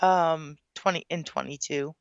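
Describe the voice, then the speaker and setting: A woman's voice: low voice, steady tone, unhurried, gravelly, no echo, muffled recording. A woman hosting a morning radio show over a headset mic, dropping brief, dry remarks in casual banter.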